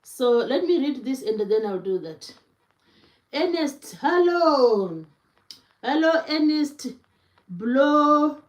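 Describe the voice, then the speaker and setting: A woman's voice: high voice, very animated, slow, a little mellow. A woman hosting a casual livestream, greeting chat viewers by name at an easy pace. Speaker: cooking livestream host. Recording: echoey room.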